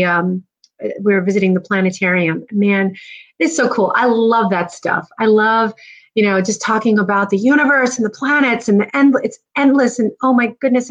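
A middle-aged woman from New Jersey hosting a live stream, chatting casually and rambling with lots of fillers. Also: medium pitch. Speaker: podcast host.

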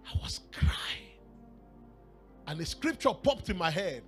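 A man with a Nigerian accent preaching a sermon in church, telling a personal story with laughter and shouted exclamations. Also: sits high, wildly swooping pitch, measured pace, long pauses, husky, faint music behind.

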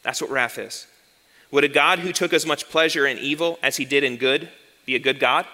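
A male pastor giving an earnest sermon, slowing down and repeating key lines for emphasis. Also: mid-range voice, pushed and bright, long reverb tail.

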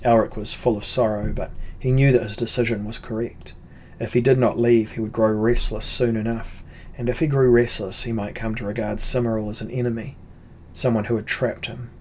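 A man narrating a fantasy audiobook in a measured, unhurried storytelling manner. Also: mid-range voice, flat delivery, a little mellow, slight background noise.

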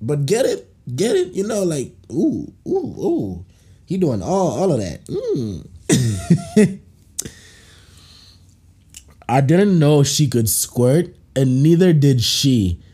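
A man hosting a podcast reads listener stories aloud and breaks into laughter and playful voices as he riffs on them. His voice is dark and husky, and his pitch swings widely. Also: huge pitch swings, takes it slowly. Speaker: podcast host. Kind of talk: reading and reacting to listener stories.

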